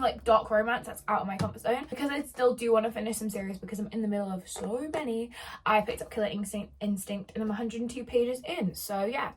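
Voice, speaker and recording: A young woman in her twenties, chatting casually as a book vlogger, rambling with lots of fillers and sounding a little hoarse. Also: a little high. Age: 20s. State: slightly hoarse, losing her voice. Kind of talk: casual vlog chat.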